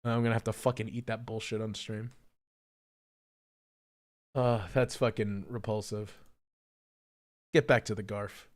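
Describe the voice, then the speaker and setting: A man's voice: fairly low pitch, flat delivery, unhurried, long pauses. A young man streaming live, ranting in a profane, mocking, incredulous way. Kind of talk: casual livestream rant.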